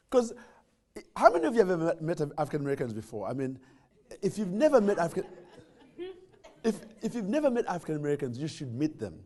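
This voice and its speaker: A man gives a motivational talk, his fairly high voice swinging widely as he tells a funny story. He jokes and restarts his phrases as he goes. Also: wildly swooping pitch, a little fast, long pauses, darkish tone. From Uganda. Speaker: guest speaker. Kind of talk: humorous motivational speech.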